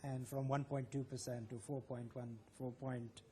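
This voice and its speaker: A man's voice: mid-range voice, flat delivery, normal speed, dark tone. A man speaking as a guest on a live TV news panel, hesitant with frequent fillers.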